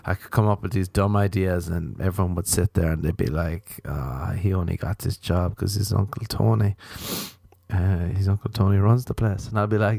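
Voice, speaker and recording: A lower-voiced man rambles through a comedic podcast monologue, swearing freely and leaping into sudden high mock voices. The sound is dry and close to the mic, with almost no room around it. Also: steady tone, moderate pace, creaky, mellow, no echo. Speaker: podcast host.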